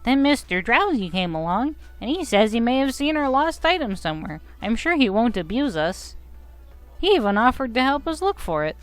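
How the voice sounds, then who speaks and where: A woman's voice: on the high side, big pitch swings, normal speed, voice pushed up. A woman voicing a small, polite child creature in a game, eager and earnest. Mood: cheerful. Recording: faint game music behind.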